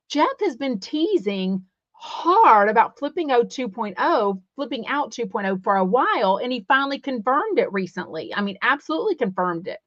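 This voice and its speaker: A woman's voice: a little high, animated, moderate pace, no echo, dull audio. A woman from Texas with a Texan accent, hosting a casual celebrity gossip podcast, chatty and opinionated, reading live comments aloud. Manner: chatty and opinionated, many fillers and quoted asides. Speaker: podcast host.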